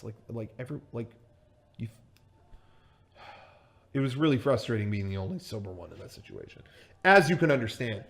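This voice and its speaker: A man tells a long comic story on a livestream. His delivery is loose and rambling, full of fillers and swearing, and his voice sits at an average pitch. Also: expressive, normal speed, vocal fry, long pauses, fairly bright tone. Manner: rambling, profane, with many fillers. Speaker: comedy show host telling a story. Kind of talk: casual comedic storytelling on a livestream.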